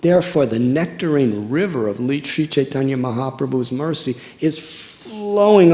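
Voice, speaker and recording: A man's voice: mid-range voice, animated, dark tone. A man, giving a sermon as a monk in an earnest, storytelling way. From United States. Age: 60s. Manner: slow, earnest storytelling with long pauses. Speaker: monk giving a religious discourse.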